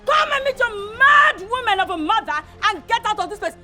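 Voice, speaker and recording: An actress playing an arrogant young princess who hurls scornful insults, with a Nigerian accent. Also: female voice, very high voice, big pitch swings, a little slow, a bit bright, roomy sound, faint music behind, heavily acted. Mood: furious.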